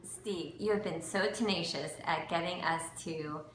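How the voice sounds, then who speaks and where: Low-voiced sincere woman, echoey room. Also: unhurried. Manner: sincere, encouraging. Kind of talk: heartfelt thank-you message. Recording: echoey room with faint noise.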